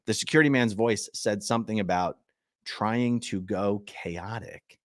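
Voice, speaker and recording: A man's voice: lowish voice, moderate pace, no echo, studio quality. A man hosting his channel, reading legal documents aloud and stopping for chatty asides to his viewers. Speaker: channel host.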